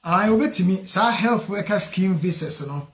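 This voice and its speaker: Lively high-voiced Ghanaian radio host. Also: male voice, moderate pace, reverberant. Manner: lively, switches languages, reads out names with a singsong refrain. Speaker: radio show host, solicitor. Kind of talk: call-in radio talk, mixing Twi and English.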